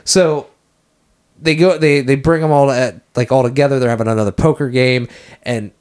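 This man co-hosts a podcast and rambles through a relaxed film recap, performing lines from the movie. His mid-range voice is a little mellow and clean in tone, with fairly even intonation at normal speed.

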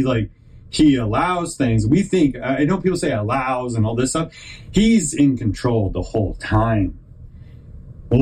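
A man's voice: mid-range voice, breathy edge, poor audio. A man hosting a podcast, giving a rambling faith-based motivational talk, often stopping and restarting mid-thought and telling stories with animation. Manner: rambling, halting, self-interrupting; animated storyteller. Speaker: podcast host.

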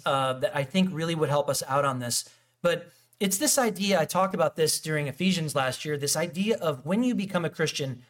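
Guy preaching, kinda high voice, loose and chatty, acts out little scenes. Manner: animated, acts out quoted dialogue, frequent restarts and fillers. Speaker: pastor. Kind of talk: casual conversational sermon.

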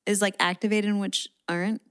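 A woman's voice: mid-range voice, little pitch movement, a little fast, a bit bright, clean tone. Playful young woman podcast co-host. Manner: playful, hypes up her co-host. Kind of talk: casual chat.

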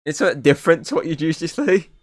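A man co-hosts a film podcast, casually recapping scenes with plenty of swearing and filler words. His voice is a little high, sing-song and rapid-fire. The podcast mic gives a clean studio sound with no echo.

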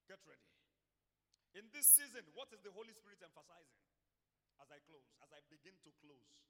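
A man's voice: high-pitched, sharp tone, in a large hall. A male pastor preaching a fervent sermon and leading the congregation in call-and-response.

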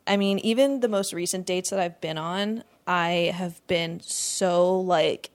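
A woman's voice: fairly low pitch, a little slow. A young woman in her twenties hosting a casual solo podcast, rambling and laughing often as she swears freely. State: lightheaded from not eating. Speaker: podcast host.

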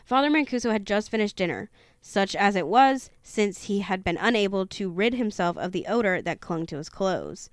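A woman reading a haunted-house book aloud in a steady storytelling manner, now and then tripping over a word and correcting herself. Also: mid-range voice, normal speed, no echo, studio quality. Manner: steady storytelling with occasional stumbles and self-corrections. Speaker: reader of a true-haunting book.

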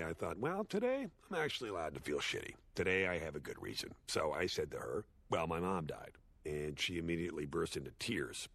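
A man voicing a washed-up male horse sitcom star, giving a rambling, sardonic, self-deprecating eulogy in an animated series. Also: deep voice, creaky, breathy edge, no room sound, exaggerated voice. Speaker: eulogy speaker. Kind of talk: animated series dialogue, comic monologue.

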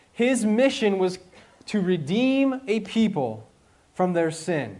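A man preaching a sermon in a conversational, emphatic way, asking his listeners questions and slowing down on his key points. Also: very animated, darkish tone. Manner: conversational, asks the audience questions; slow and emphatic, rising in pitch on key points.

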